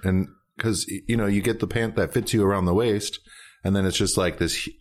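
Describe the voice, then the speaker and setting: A man with a very deep, low-pitched voice talks casually as a podcast co-host and stylist. He sounds easygoing and keen, and he keeps softening his phrases with "like" and "you know". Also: fairly even intonation, brisk. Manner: easygoing, enthusiastic, hedging with "like". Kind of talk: casual chat.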